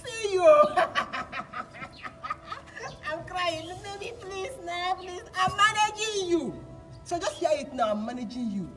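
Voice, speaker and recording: Nigerian actress for a comedy skit, high and animated, pleading and playful. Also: female voice, moderate pace, distant mic. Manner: pleading, playful, laughing often. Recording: echoey room with loud music behind.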